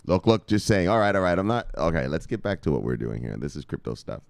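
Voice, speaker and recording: A middle-aged man talks loosely and brashly, swearing and teasing his viewers as he hosts a crypto stream. His voice is smooth and clear at an ordinary pitch. It sounds dry and close to the mic. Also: sing-song, quick pace, dry recording. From United States. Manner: loose, swearing, joking, shouting "bang" at viewers' names. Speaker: crypto video host. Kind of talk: casual live-stream chat.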